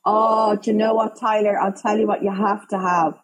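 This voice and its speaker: A woman in her thirties with a Dublin Irish accent, telling lively stories and using local slang as a guest on a talk show. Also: medium pitch, moderate pace, a little hiss or hum, poor audio. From Ireland. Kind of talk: casual chat.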